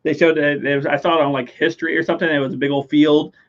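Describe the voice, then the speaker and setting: A man's voice: on the high side, little pitch movement, rapid-fire. A man co-hosting a casual home livestream, teasing his partner, laughing a lot and reading out chat comments. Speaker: livestream co-host. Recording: slightly dull lo-fi stream audio.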